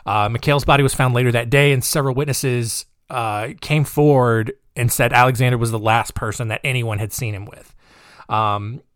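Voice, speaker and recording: A man tells a true-crime story in a casual, joking way and wanders off into personal asides. His voice is of middling pitch. It is recorded close and dry, with no room sound. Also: steady tone, moderate pace, fairly bright tone, dry recording. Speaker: podcast host.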